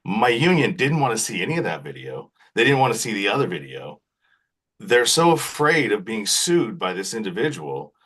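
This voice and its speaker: Husky and on the low side, a man speaks at a moderate pace as a podcast guest. He animatedly tells a long story in casual conversation, frequently tacking "right?" onto his sentences.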